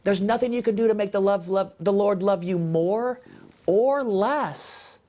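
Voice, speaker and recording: A man's voice: high voice, measured pace, warm tone. A man giving a heartfelt, passionate faith testimony as a guest, talking in an emphatic, conversational way and repeating phrases for stress. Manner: conversational, with fillers and restarts. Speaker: guest speaker on a parenting show.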